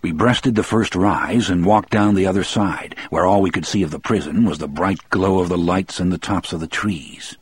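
A man reading a first-person story aloud in a measured, steady storytelling manner. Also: low voice, husky. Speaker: narrator.

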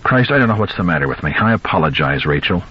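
A man's voice: low voice, very animated, quick pace, husky, highs cut off, exaggerated voice. A man voicing a tired, short-tempered father who is a doctor, in a clipped way. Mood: tense. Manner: clipped, curt.

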